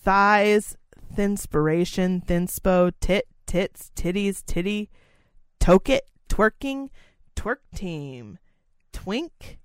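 A woman co-hosting a casual podcast, crude and giggly, reading out a list in a flat drawl between bursts of banter. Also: medium pitch, very slow, clean tone, no echo, studio quality. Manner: crude, giggly, reads lists flatly. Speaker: podcast co-host.

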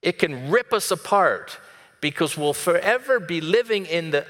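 A man preaching a sermon in a conversational way, dropping soft and then rising to emphatic. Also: on the high side, expressive, moderate pace, big-room sound. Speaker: pastor.

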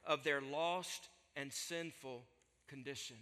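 A man's voice: medium pitch, slow pace, pushed and bright, in a large hall. A man preaching a sermon as a pastor, emphatic and building phrases through repetition.

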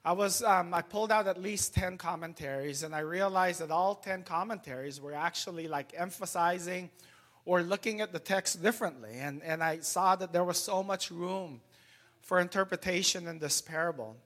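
A man's voice: high-pitched, normal speed, fairly bright tone. A middle-aged man, a pastor giving a casual, conversational sermon with many fillers, still tired and with a lingering cough.

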